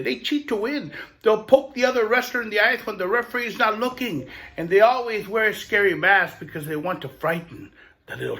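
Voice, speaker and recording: A man with a fairly high voice telling a children's story aloud. His delivery is lively and expressive, with playful asides to the listener. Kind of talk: oral storytelling.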